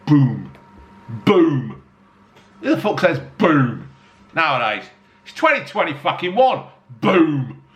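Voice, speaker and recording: A man's voice: on the high side, wildly swooping pitch, unhurried, a bit bright, highs cut off. A man swearing freely and mocking himself as he reviews a beer to camera. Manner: blunt, heavy swearing, jokey self-mocking asides. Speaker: beer-tasting vlogger. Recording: echoey room with faint ambience.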